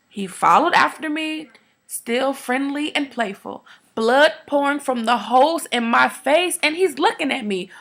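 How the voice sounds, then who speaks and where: A woman performing a dramatic monologue, telling a first-person story in an earnest, quiet, measured way. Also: on the high side, vocal fry.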